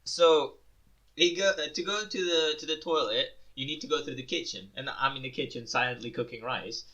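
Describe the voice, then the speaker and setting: A young man with a bright, forceful voice co-hosts a casual podcast. He tells rambling stories full of swearing and laughter, and his pitch sits in the middle range. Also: a little fast, highs cut off. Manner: swearing, laughing storyteller who imitates voices. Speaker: podcast co-host. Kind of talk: casual chat.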